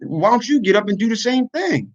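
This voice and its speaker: A man's voice: very high voice, sing-song, brisk, lo-fi sound. Earnest man venting on a livestream. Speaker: YouTuber and podcaster. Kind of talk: casual livestream talk.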